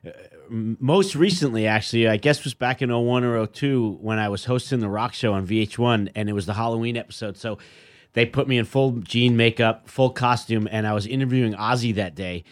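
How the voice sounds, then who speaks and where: A man's voice: medium pitch, brisk. A man, a guest musician, telling casual stories and acting out the dialogue in them. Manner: loose storyteller, acts out the dialogue in his stories.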